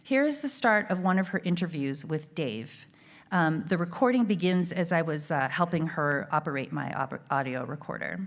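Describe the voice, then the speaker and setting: A woman gives a keynote lecture in a fairly low voice. She reads from a prepared text in a measured, academic way, with the odd filler. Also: lively intonation. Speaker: keynote speaker.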